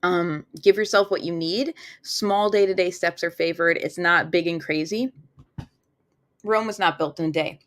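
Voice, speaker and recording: A woman's voice: on the low side, normal speed. A woman reading tarot cards on a live stream, chatting casually with fillers and acting out little quoted thoughts.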